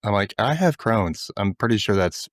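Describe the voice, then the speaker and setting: Man, podcast host, casual chat, animated pitch, dry sound. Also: moderate pace, dry recording. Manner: animated, enthusiastic chatter.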